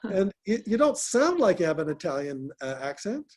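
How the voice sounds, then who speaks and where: A man with a notably high voice coaches people on a group call. He talks in a direct, encouraging way and often restarts and repeats his words. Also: sing-song, moderate pace, a little mellow. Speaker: host, business coach.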